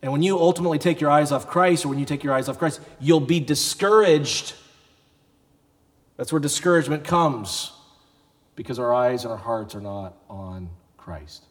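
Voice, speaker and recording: This pastor's medium-pitched voice moves at a moderate pace as he gives a conversational sermon in a church sanctuary. He occasionally acts out quoted voices, and the recording has a big-room sound.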